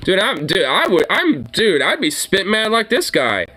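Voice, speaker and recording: Man, high and animated voice, profane rambling reaction streamer. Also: measured pace. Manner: profane, rambling rants with laughter. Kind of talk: casual reaction commentary.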